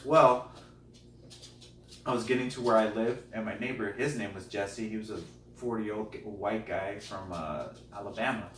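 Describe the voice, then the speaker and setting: A man, a comedian guest, telling a personal story in an animated, self-deprecating way. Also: on the low side, moderate pace. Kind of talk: comic storytelling. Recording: roomy, distant mic, faint noise.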